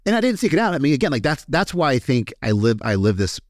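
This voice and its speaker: A man's voice: medium pitch, big pitch swings, quick pace, no room sound, studio quality. A man from Kentucky with a Kentucky accent, a podcast guest telling his story in a candid, profane, casual way with many fillers.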